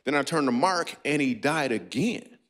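A man's voice: expressive, moderate pace. A man doing a stand-up comedy set on a church stage, riffing playfully with a live audience. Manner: playful, riffing with the audience, breaks into squeaky and goofy voices.

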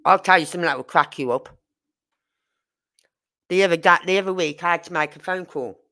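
Bright-voiced woman in her fifties. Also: on the low side, a little fast. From Birmingham, England. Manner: animated storyteller acting out dialogue. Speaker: livestream host. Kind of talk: casual live chat.

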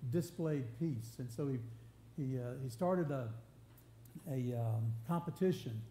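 A man's voice: on the high side, warm tone. A man preaching a sermon, earnest and conversational, often restarting and building emphasis. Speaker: pastor. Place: church sanctuary. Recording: roomy church live stream with faint hum.

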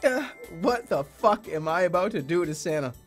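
A man streaming a video game, reacting loudly, swearing and laughing at what happens on screen. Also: high voice, expressive, normal speed, soft background music. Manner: loud, exasperated, swearing and laughing. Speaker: streamer playing video games. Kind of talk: gaming commentary.

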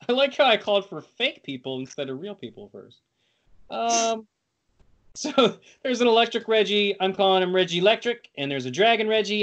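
A man's voice: sits high, sing-song, normal speed, fairly bright tone. A young man co-hosting a podcast, chatting in a playful, jokey, rambling way. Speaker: podcast co-host. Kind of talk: casual chat.

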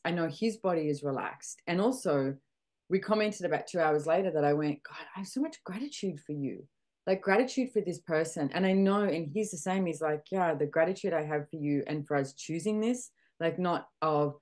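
Chatty low-voiced Australian woman. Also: darkish tone. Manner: chatty and candid, acting out her own reactions. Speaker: podcast host. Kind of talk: casual conversation. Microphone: video call.

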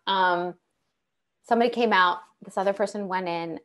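A woman's voice: medium pitch, a little fast, fairly bright tone. A young adult woman telling her own story as a panel guest, speaking conversationally with many fillers and restarts. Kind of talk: conversational personal account.

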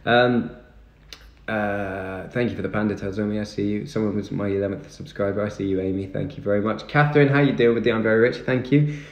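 Brisk and steady in tone, with a fairly low pitch, a young man chats casually on his live stream as a livestreamer, thanking viewers and answering comments. Behind him is music, in an echoey room.

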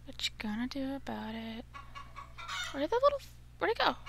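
Grumbling young woman gamer, gravelly. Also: high-pitched, very animated, fairly quick, pauses often, fairly bright tone. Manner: grumbling, easily exasperated, chatty. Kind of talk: casual gameplay commentary.

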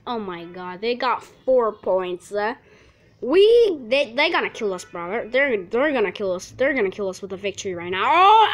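A woman commentating her own gameplay, excitable and repetitive, with frustrated outbursts at her teammates. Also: fairly high pitch, rough recording. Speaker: gamer.

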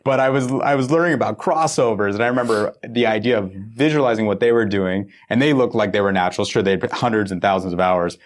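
A man's voice: lowish voice, fast talker, hardly any pauses. A man hosting a podcast, chatting casually and encouraging his guest. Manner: encouraging, affirming. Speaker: podcast host. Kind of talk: casual interview chat.

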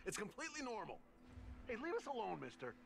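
A man's voice: high-pitched, wildly swooping pitch, quick pace, vocal fry, heavily acted. An actor playing a petulant, sick young man in a video game who wants to be left alone. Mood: sulky. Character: sulky sick young man craving privacy. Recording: game audio with crowd chatter.

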